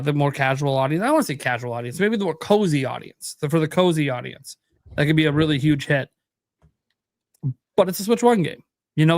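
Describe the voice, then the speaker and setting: A man co-hosting a casual gaming podcast, rambling and restarting as he thinks out loud through sales figures. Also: fairly high pitch, dry recording, studio quality. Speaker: podcast co-host.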